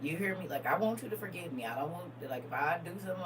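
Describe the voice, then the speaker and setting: A woman giving casual spiritual advice in a folksy way, calling listeners baby and honey, shifting from hushed asides to loud emphatic bursts. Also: on the low side, animated, rapid-fire, noisy background. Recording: voice a bit distant from the mic.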